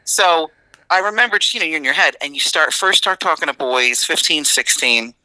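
A woman's voice: deep voice, expressive, brisk, bright, forceful tone, dry recording, poor audio. A middle-aged woman talking as a podcast guest, blunt and sarcastic, swearing freely in casual chat.

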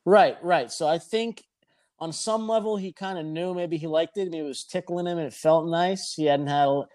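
A man's voice: a little high, moderate pace, darkish tone. A man telling a rambling, profane anecdote in a casual chat. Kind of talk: casual storytelling.

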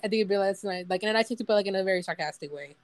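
A woman's voice: mid-range voice, racing, no echo. A young woman co-hosting a casual chat podcast, rambling with lots of "like" and giggling. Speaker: podcast co-host.

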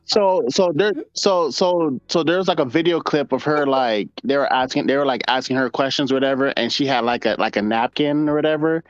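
A man's voice: medium pitch, a little fast, few pauses, dry recording. A man co-hosting a casual podcast chat, rambling through stories with lots of fillers and restarts. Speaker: podcast co-host. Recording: dull dry lo-fi sound.

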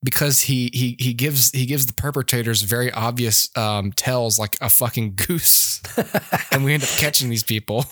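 A man talking through a film on a podcast, rambling and laughing as he acts out his own reactions. His pitch sits mid-range. The mic sound is close and dry. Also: moderate pace, fairly bright tone, no echo. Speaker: podcast co-host. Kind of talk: casual film-review chat.

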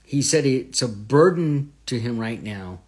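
A man's voice: animated, measured pace. A man hosting a Bible study, teaching in an earnest, conversational way, posing rhetorical questions and lifting his voice on scripture phrases. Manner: swells louder and higher on scripture phrases.

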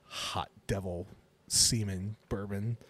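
A man's voice: fairly low pitch, fairly even intonation, slow, fairly bright tone, husky. A man in his forties co-hosting a podcast, telling rambling stories in casual chat and laughing often. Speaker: podcast co-host.

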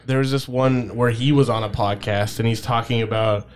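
A man co-hosting a casual podcast, playful and quick to burst out laughing. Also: medium pitch, slight background noise. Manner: giggly, playful, lively. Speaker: podcast co-host. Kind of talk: casual chat.

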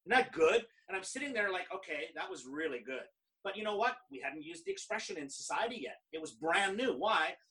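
A middle-aged man from Canada, a professional speaker, telling stories in an animated, conversational way and acting out other people's lines. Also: high voice, fairly quick, vocal fry, distant mic, rough recording. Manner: animated, quotes others in lively dialogue. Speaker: guest speaker. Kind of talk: conversational storytelling.

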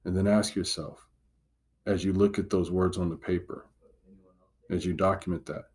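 A man's voice: low voice, fairly even intonation, moderate pace, a little mellow, breathy edge. A man giving a devotional teaching talk as a Christian motivational speaker, earnest and encouraging, driving points home with repetition.

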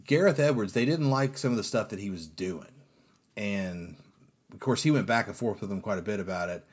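A man's voice: fairly low pitch, a little fast. A man chatting casually on a podcast, telling stories with lots of fillers and acting out quotes in playful voices. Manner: animated storytelling, acts out quotes. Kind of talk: casual chat.

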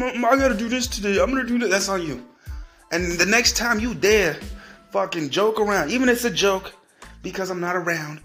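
High-voiced man on an angry, profane rant. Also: pushed and bright. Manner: angry, swearing heavily, repeating words, mocking others in a whiny voice. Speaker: podcast host.

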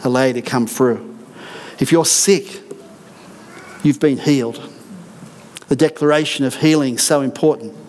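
A man's voice: mid-range voice, moderate pace, long pauses, a little mellow, a little hiss or hum. A middle-aged man, a senior pastor, preaching a sermon in an earnest, emphatic way with repeated declarations in a church. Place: church auditorium.

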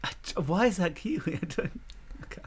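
A man's voice: high voice, animated, a little fast, husky. A man co-hosting a casual podcast, full of crude jokes and banter. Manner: joking, crude banter with frequent laughs. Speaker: podcast co-host.

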